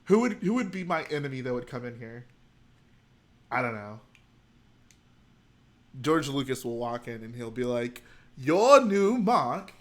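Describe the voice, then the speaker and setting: A man's voice: mid-range voice, normal speed, pauses often. A man hosting a livestream at home, chatting casually and thinking aloud as he builds. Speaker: livestream host. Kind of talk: casual chat while building.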